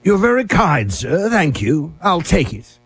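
Man, high voice, playful radio co-host, dry studio sound. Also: very animated, unhurried, slightly rough, no room sound. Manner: bantering, playful. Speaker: radio talk show co-host. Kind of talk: casual talk radio chat.

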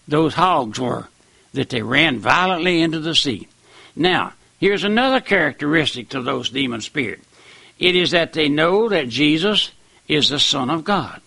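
A man's voice: a little high, gravelly, pushed and bright, dry recording. A man preaching a sermon in an emphatic old-time style, repeating phrases for weight.

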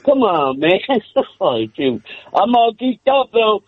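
Excited male caller, high voice, quick laughing bursts, tinny phone line. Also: no echo. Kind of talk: call-in talk.

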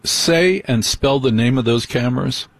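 A man hosting a late-night call-in radio show, chatty and teasing, quick to jump in. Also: medium pitch, animated, gravelly, no echo. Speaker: radio host.

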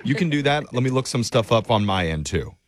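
A man, a radio host, doing a prank call while playing a calm, polite customer service agent with a deadpan manner. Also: medium pitch, fairly quick.

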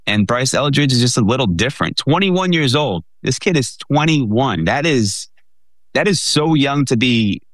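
Animated male sports talk co-host. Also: mid-range voice, moderate pace, dry recording. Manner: animated, filler-heavy.

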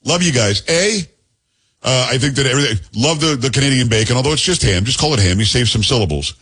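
A man's voice: medium pitch, expressive, fast talker, a bit bright, slight background noise. A man hosting a podcast, talking in a joking, rambling, teasing way. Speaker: podcast host. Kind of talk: casual podcast chat.

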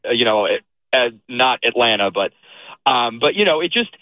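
A man's voice: medium pitch, very animated, moderate pace, dry recording. A man calling in to a sports radio show, eager and hesitant with many fillers, heard over a phone line. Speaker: caller. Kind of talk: call-in chat.

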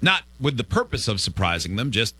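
A male radio host tells a story and throws questions to his co-hosts in casual banter. His voice is bright and swings widely in pitch, recorded close and dry. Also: a little fast, husky, no echo. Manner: animated storyteller, poses scenarios. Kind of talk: casual morning show banter.

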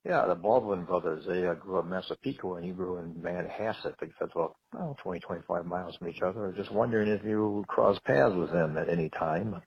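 A man from Wisconsin calling in to a radio show, asking questions slowly and hesitantly. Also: deep voice, husky. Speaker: caller. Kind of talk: phone call to radio show. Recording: muffled phone line.

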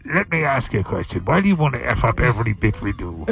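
Gruff male radio host, gravelly voice, lively pitch, hands cupped over the mic, faint music behind. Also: fast. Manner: gruff, irritated, mock-stern. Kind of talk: comedy bit banter.

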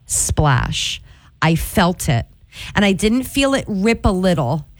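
A woman's voice: mid-range voice, sing-song, takes it slowly, dry recording, clean studio sound. A woman in her forties, a radio morning show host telling a story in a playful way and laughing often. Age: 40s. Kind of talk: casual storytelling chat.

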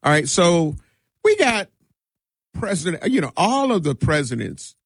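A man filling in as radio host, talking casually and animatedly, with quick laughs and mock voices. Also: a little high, sing-song, husky, no room sound.

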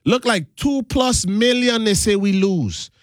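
Virgin islands guy on the radio, high voice, dry close sound, talking real earnest. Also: expressive, unhurried, no echo. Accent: Virgin Islands Creole. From United States Virgin Islands. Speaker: radio host. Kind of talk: radio monologue.

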